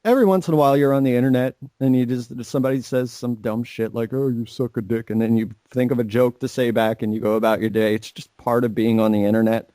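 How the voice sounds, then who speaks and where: Young man, podcast co-host, rambling profane chat, middling pitch, dry close sound. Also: steady tone, fast, hardly any pauses, mellow, no room sound. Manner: rambling, swears a lot, mocks people in put-on voices.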